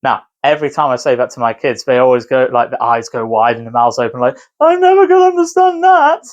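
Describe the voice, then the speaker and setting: A man's voice: mid-range voice, level tone, fast, highs cut off. A man who teaches, talking casually to camera, rambling and correcting himself as he explains. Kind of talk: casual video commentary.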